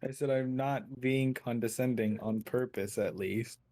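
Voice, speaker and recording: A man's voice: medium pitch, steady tone, a little slow, warm tone. A man playing in a tabletop game, chatting casually and rambling with many fillers. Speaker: player.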